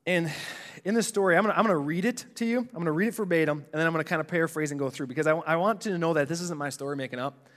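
A man's voice: on the high side, rapid-fire, a bit bright, long reverb tail. A man preaching a sermon in an earnest, conversational way, full of restarts and casual asides.

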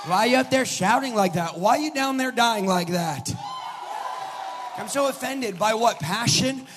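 Man preacher, very high voice, shouted revival sermon, chants each line with a sung "uh", faint music underneath. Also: animated, normal speed. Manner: punctuates phrases with a sung "uh"; chanting sing-song preaching cadence. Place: revival meeting hall.

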